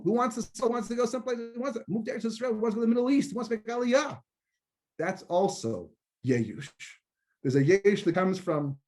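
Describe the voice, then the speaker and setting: With a slightly high, slightly mellow voice, this man teaches Torah as a rabbi. His lecture is conversational, with frequent repetition of words and Hebrew terms woven in.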